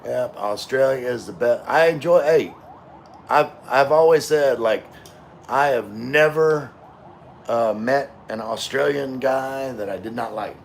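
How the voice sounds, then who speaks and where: A man reading viewer comments on a casual live stream, rambling and relaxed while drinking with his chat. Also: mid-range voice, measured pace, vocal fry, slight background noise. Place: room with floor-to-ceiling window.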